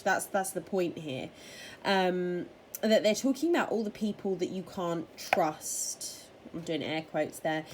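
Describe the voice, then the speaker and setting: A woman's voice: on the low side, a little hiss or hum, rough recording. A woman teacher explaining a play to her students, hesitant with many fillers, asking rhetorical questions and telling them to take notes. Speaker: English teacher.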